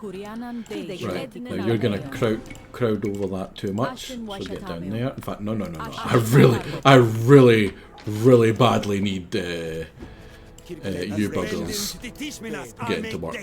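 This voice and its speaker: Excitable male game streamer. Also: lowish voice, unhurried. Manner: excitable, swears casually, talks to his units. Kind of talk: live gameplay commentary. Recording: game music behind.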